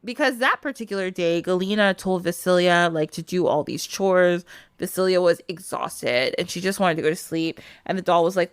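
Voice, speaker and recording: A woman podcast host casually retelling a folk tale, animated, laughing often and using "like" a lot. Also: fairly low pitch, moderate pace, clean tone, dry recording, studio quality. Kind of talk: casual storytelling.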